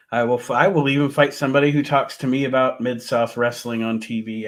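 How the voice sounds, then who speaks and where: A man's voice: mid-range voice, level tone, normal speed. A man in casual podcast chat, giving emphatic opinions and laughing often. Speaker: podcast co-host. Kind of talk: casual chat about wrestling.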